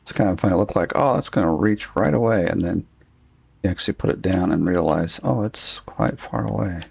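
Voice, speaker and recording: A man talks to himself as he plays, his low voice heavy with gravel. He sounds husky and worn, like he is losing his voice, and his commentary wanders from one thought to the next. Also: fairly quick, a little mellow, no echo. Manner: rambling, thinking aloud while playing. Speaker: gaming streamer. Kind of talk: casual gameplay commentary.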